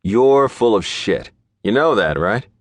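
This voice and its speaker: A blunt male friend who pushes for answers, gruff but concerned, in a low voice with lively inflection, as the audiobook narrator plays him. Close and dry, with no room sound. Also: moderate pace, no room sound. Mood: prodding. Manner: blunt, prodding. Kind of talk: audiobook character voice.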